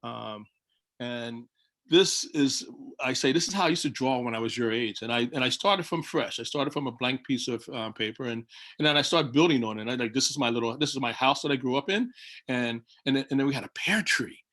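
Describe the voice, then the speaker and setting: A man's voice: mid-range voice, fairly quick. A man, a children's book illustrator, telling stories on a video call and acting out his own lines. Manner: animated storytelling, acts out his own quoted lines. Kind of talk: casual talk on a video call panel.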